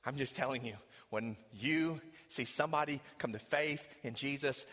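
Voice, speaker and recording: A man preaching a sermon in a large church hall, swinging between loud emphasis and hushed tones. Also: medium pitch, normal speed, hardly any pauses. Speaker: pastor. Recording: long hall reverb.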